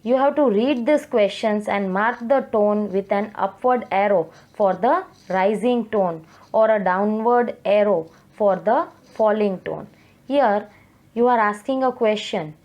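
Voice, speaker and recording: Woman teacher, unhurried, careful classroom explanation, mid-pitched voice. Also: a little mellow, muffled recording. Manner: slow, careful explanation addressed to students. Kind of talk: recorded online English lesson.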